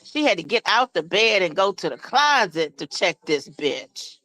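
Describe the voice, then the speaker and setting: A woman co-hosting a gossip livestream, telling stories fast with slang and laughter. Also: lowish voice, sing-song, sharp tone, no echo, rough recording. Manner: rapid storytelling with slang and laughter. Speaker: livestream co-host. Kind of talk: casual gossip livestream chat.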